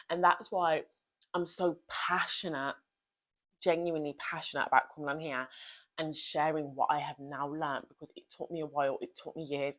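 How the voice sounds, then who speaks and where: Woman, slightly low voice, emphatic motivational vlog talk. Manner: emphatic and blunt, with pep-talk asides to the listener. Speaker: self-help vlogger.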